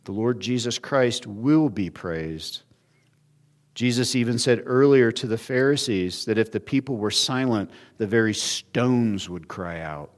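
A man preaching an expository sermon, earnest, his voice rising and quickening when he acts out quoted speakers. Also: fairly low pitch. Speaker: pastor.

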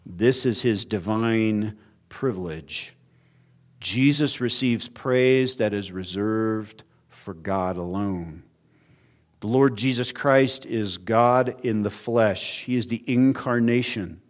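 Earnest male preacher. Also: mid-range voice. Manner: earnest preaching, voice rising when acting out quotes. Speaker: pastor. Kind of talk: expository sermon.

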